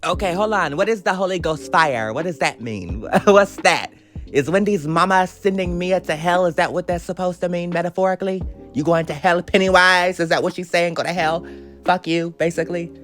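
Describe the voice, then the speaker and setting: A man's voice: sits high, normal speed, fairly bright tone, faint music behind. A man hosting a casual reality TV recap, sassy and profane, laughing at himself and a bit out of breath. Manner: sassy, scattered, cusses freely, laughs often.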